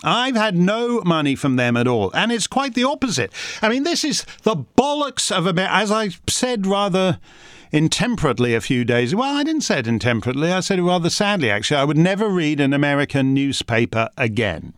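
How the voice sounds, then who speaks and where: Combative rambling man with a lively voice. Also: on the high side, fairly quick, no room sound, clean studio sound. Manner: rambling and combative, with frequent restarts; reads out listener questions. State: uses a wheelchair. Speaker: host answering member questions. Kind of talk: casual monologue.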